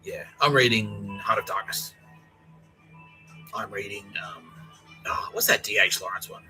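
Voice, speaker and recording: Profane, bright-voiced Australian man ranting. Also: fairly low pitch, a little slow, faint music behind, low-quality recording. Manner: profane, rambling, acts out quoted people. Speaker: podcast host. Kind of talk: rambling comedic monologue.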